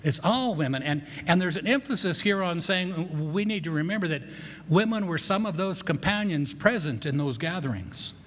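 A pastor preaches in an easygoing, conversational style, often restarting words and slipping into asides. His voice is a little high for a man and a bit bright, expressive and moderately paced, with the long reverb of a church sanctuary around it.

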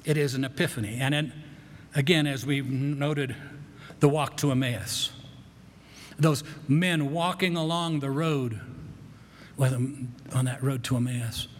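A man preaching a conversational sermon as pastor, with frequent restarts and quick asides. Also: medium pitch. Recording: long hall reverb.

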